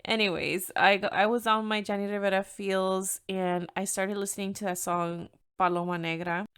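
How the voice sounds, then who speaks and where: A young Mexican-American woman from the United States hosts a casual solo podcast, candid and easygoing, speaking Mexican-American English and slipping into Spanish as it comes naturally. Her mid-range voice is clean and fairly bright, with little pitch movement, at a moderate pace, and she laughs often.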